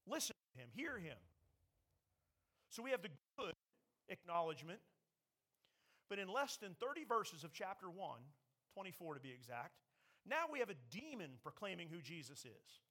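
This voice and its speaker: A man's voice: sits high, very animated, normal speed, sharp tone. A man preaching a sermon, emphatic, raising his voice when he quotes scripture. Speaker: pastor.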